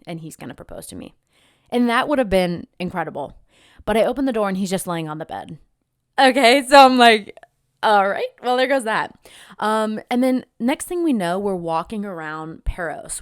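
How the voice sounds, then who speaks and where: A young woman vlogging as a travel content creator, telling a story in a chatty, animated way and acting out the voices of the people in it. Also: lowish voice, no room sound, studio quality. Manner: chatty, animated, acts out quoted voices with many "like"s. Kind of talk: casual storytelling vlog.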